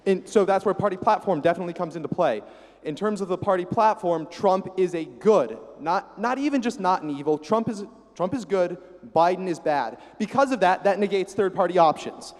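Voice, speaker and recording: A man making a debate floor speech in a university hall, stating his case in an assertive, measured way. His voice is a touch high for a man, and the hall adds a long, lingering reverb. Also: lively intonation. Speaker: student debate speaker.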